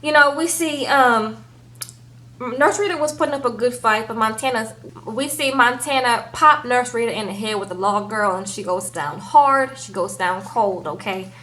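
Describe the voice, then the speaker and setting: A woman giving a casual, animated recap of a TV episode, peppering it with "girl" and "okay?". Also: on the high side, moderate pace, rough recording. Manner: chatty, animated, says "girl" and "okay?" often. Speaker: TV show recap reviewer.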